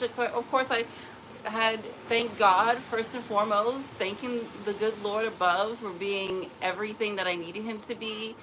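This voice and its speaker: A woman's voice: medium pitch, moderate pace, noisy background. Emotional rambling woman vlogger with a drawl. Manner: emotional, rambling, restarts sentences. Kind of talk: casual personal vlog talk.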